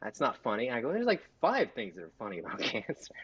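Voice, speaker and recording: A male comedian runs through a stand-up set on a video call, and his pitch swings widely from low mutters to high bursts. His tone is bright and forceful, his delivery is deadpan and provocative, and he often cracks up at his own punchlines. There is a faint hiss behind him. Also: fast, dull audio. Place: Texas home.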